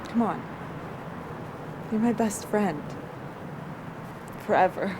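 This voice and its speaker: A woman acting out a young woman who earnestly remembers her inseparable childhood best friend. She speaks slowly, in a mid-range voice. A steady noisy hum sits under the recording. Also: medium pitch, close to an everyday voice. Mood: wistful. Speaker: acting student. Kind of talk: rehearsed dramatic monologue.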